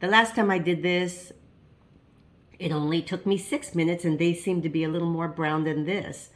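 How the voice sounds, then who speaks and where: Lower-voiced woman chatting while cooking. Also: fairly even intonation, normal speed. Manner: chatty, homey, laughs at herself. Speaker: home cooking channel host. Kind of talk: casual cooking demonstration. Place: home kitchen.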